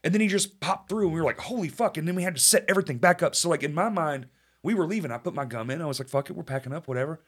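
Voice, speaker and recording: Profane, animated man hosting a podcast. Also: fairly high pitch, racing, husky. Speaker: podcast host. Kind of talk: casual chat.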